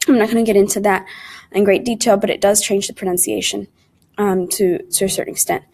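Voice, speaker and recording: A woman's voice: medium pitch, fairly even intonation, brisk, vocal fry, a little mellow. A woman teaching a recorded Spanish lesson, speaking in English. She walks through the material patiently and keeps calling the class "guys". She drops Spanish words and conjugations in between her English. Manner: patient, explains step by step and often calls the class "guys".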